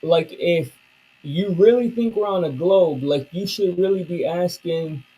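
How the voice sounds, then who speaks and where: A man's voice: high-pitched, unhurried, mellow, husky, rough recording. A man streaming live, chatting casually and loosely with his viewers in slang. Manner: loose, slangy and rambling, talking to chat. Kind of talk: casual chat.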